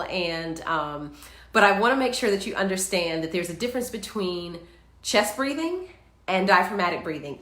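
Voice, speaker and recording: A woman's voice: fairly low pitch, fairly bright tone. Upbeat woman coaching viewers live, echoey room. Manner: upbeat, chatty, guides viewers through exercises. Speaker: wellness coach hosting a live show. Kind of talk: live-streamed instructional talk.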